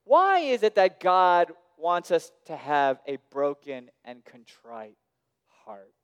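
A man delivers a sermon with a smooth, resonant voice pitched a little high. He drops to near-whispers, then rises to loud, emphatic lines. The sound rings with the long reverb of a large hall. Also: huge pitch swings, slow, lo-fi sound. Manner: dynamic preaching, dropping soft and rising loud. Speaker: pastor.

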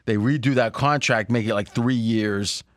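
A man hosting a casual sports-betting podcast, rambling in animated asides. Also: medium pitch, moderate pace, dry recording, clean studio sound. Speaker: podcast host.

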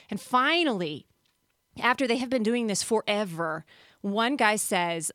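A woman co-host talks in a thoughtful, conversational way on a faith podcast. Her voice sits at an ordinary middle pitch. The recording is close and dry, with no reverb. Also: animated, normal speed, fairly bright tone.

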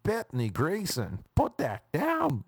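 Brief: a man putting on a shrill, sing-song scolding American mother calling after her toddler. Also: very animated, unhurried, a little mellow, dry recording, clean studio sound.

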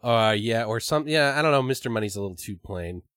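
A man's voice: lowish voice, lively intonation, a little fast, a bit bright, no room sound. A man brainstorming ideas in a casual chat, rambling, swearing freely and laughing often.

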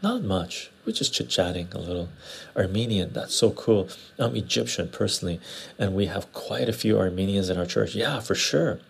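Casual livestream host, a man from Western Canada, low husky voice, rambling and chatty. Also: normal speed. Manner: rambling, conversational, often tags "right?". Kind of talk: casual livestream chat answering viewer comments. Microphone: lapel mic.

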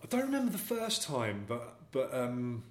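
A man talks as an interview guest at a mid-range pitch, loose and chatty. He rambles through self-deprecating stories. The recording has a noticeable room echo. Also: very animated, moderate pace. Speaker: guest actor. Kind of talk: casual interview storytelling. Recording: echoey room.

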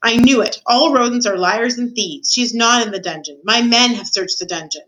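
A woman's voice: a little high, normal speed, noisy background, close to an everyday voice. Blustering weepy old king, read by a woman. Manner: shouting, loud and petulant.

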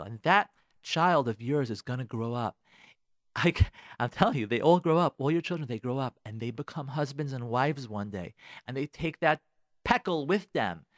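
A man's voice: mid-range voice, no echo, clean studio sound. A middle-aged man hosting a radio talk show, giving insistent advice and repeating his points straight to the listeners. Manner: insistent, repeats phrases, addresses listeners directly. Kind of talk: emphatic advice monologue.

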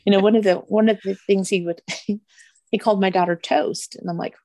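A woman's voice: mid-range voice, fairly even intonation, a little fast, vocal fry, mellow, no room sound, clean studio sound. A middle-aged woman telling fond family stories in an interview, often laughing as she talks. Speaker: interview guest. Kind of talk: conversational storytelling.

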